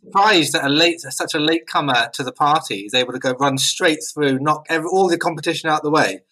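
A man's voice: fairly high pitch, fairly quick, bright, forceful tone, rough recording. A man co-hosting a casual podcast, wry and joking. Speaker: podcast co-host.

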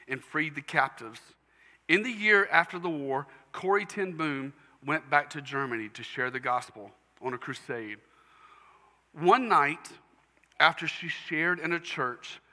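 Bright-voiced male preacher in a reverberant hall. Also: fairly high pitch. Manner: earnest storytelling preacher, emotional at times. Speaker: pastor. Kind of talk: sermon.

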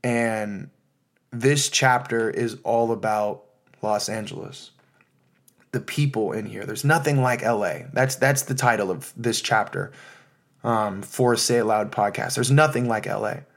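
A man's voice: fairly low pitch, steady tone, measured pace. Heartfelt American man hosting his podcast. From United States. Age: 30s. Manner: heartfelt, loose and rambling, with many fillers. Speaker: podcast host. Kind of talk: casual solo podcast monologue.

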